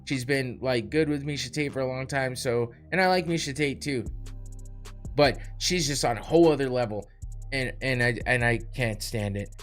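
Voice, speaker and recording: A man's voice: medium pitch, normal speed, faint music behind. A man hosting a podcast, ranting heatedly with blunt swearing and short laughs. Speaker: podcast host. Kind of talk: heated profane rant.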